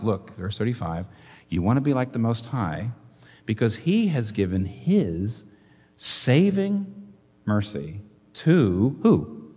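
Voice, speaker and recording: Pastor, male, lively sermon delivery with swooping pitch, long church-hall reverb. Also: slow, breathy edge. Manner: animated preaching, rhetorical questions, wide swings in pitch and volume.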